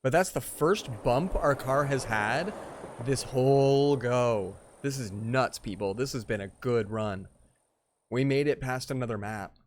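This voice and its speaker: A man's voice: medium pitch, a little slow, slight background noise. A man streaming a strategy game live, chatting casually with viewers and telling rambling stories.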